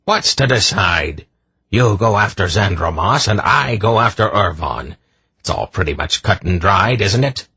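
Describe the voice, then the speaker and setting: A man voicing a gnarled, ill-tempered old hunchback sorcerer in an audiobook, gruff and later putting on a lilting brogue. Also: sits low, expressive, measured pace, bright, forceful tone, a little hiss or hum, voice pushed up, heavily acted. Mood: angry.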